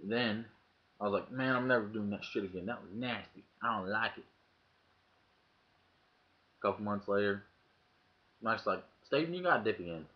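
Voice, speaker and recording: A man's voice: on the low side, animated, normal speed, long pauses. A man telling a story casually to his webcam, swearing freely and acting out the lines of people in it. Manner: profane, acts out quoted lines in the story. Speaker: vlogger. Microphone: webcam mic. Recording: dull lo-fi webcam audio.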